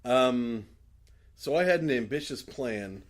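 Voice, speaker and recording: Rambling, swearing podcast host. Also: male voice, mid-range voice, expressive, takes it slowly. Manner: rambling, swearing, laughs often, retells scenes in put-on voices. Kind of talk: casual chat.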